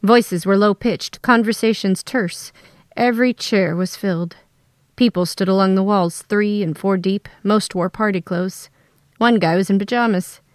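A woman telling a first-person story in a steady, scripted narration. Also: mid-range voice, a little slow, no room sound, studio quality.

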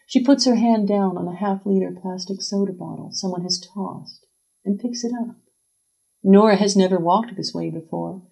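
A woman reading a literary story aloud as a scripted narration, measured and even. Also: mid-range voice, creaky, slightly rough, rough recording.

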